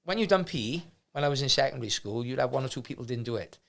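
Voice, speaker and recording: Fast-talking gravelly man. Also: mid-range voice, expressive, fairly bright tone. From Wales. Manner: rambling, many restarts, acts out quoted people. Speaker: martial arts gym owner, guest. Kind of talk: storytelling in casual conversation.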